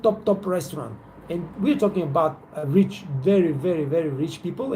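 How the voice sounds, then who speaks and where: Man, gravelly, mellow tone, rambling, swears, faint background hiss. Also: a little high, low-quality recording. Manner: rambling, repetitive, swears freely. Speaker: waiter trainer hosting a live Q&A. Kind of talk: casual live Q&A chat.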